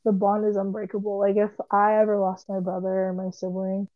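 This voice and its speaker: A young woman chats casually about a movie, rambling emotionally and saying "like" constantly. Her medium-pitched voice is monotone and brisk, with no echo and a dull lo-fi sound.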